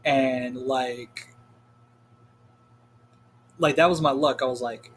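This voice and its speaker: A man's voice: mid-range voice, fairly even intonation, slow pace, breathy edge. A young man telling a story in a rambling, casual rant, full of swearing and filler words. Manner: rambling, profane, heavy on "like" fillers. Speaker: vlogger.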